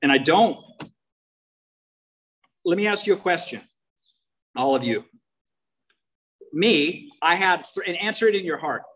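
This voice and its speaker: A man's voice: high-pitched, expressive, measured pace, pauses often, fairly bright tone, low-quality recording. Main speaker at a recovery meeting: a candid, wry man with a Californian accent, telling his story. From United States. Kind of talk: personal recovery talk.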